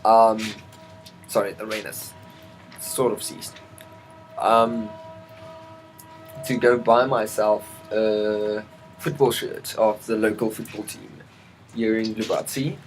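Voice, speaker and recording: Faint music plays behind this rough recording of a South African man speaking slowly in a fairly low, fairly even voice and pausing often. His vlog is a casual, meandering monologue packed with ums and restarts, and he cuts himself off for chatty tangents, some of them about the weather.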